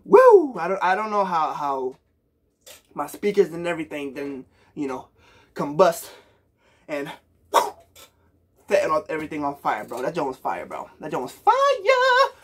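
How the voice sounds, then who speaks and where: A man's voice: a little high, lively intonation, moderate pace, long pauses, a bit bright, breathy edge. A young man from Puerto Rico giving a hyped, slangy reaction to a song for his viewers, calling them bro. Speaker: music reaction youtuber. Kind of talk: casual music reaction talk.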